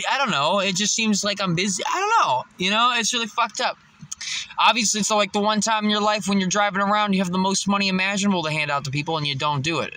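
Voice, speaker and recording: A young man casually telling a personal story, swearing constantly and getting loud and emphatic as he goes. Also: on the high side. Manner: swears constantly, animated, gets loud and emphatic when recounting confrontations.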